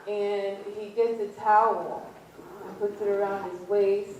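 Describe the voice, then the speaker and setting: A woman preaching a sermon, retelling a story slowly with repetition and pointed questions to the congregation. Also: mid-range voice, steady tone, mellow, a little hiss or hum. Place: church. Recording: echoey room, distant mic.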